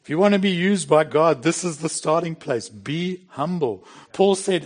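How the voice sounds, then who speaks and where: A man's voice: fairly high pitch, animated, unhurried, few pauses, slightly rough. Conversational middle-aged male pastor preaching. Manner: plain and conversational, with bursts of emphasis. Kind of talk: sermon.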